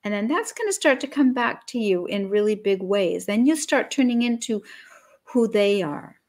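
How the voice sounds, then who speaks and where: A woman business coach, appearing as a podcast guest, speaks with energy and emphasis, acting out little scenes to explain her points. Her voice is mid-range at normal speed.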